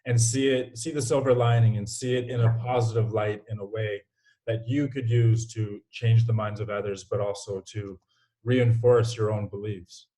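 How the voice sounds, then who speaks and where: A man hosts a talk in front of an audience. His voice sits fairly low, and he speaks in an earnest, appreciative way. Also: steady tone, normal speed, mellow, low-quality recording. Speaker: host. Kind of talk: hosting a live talk event.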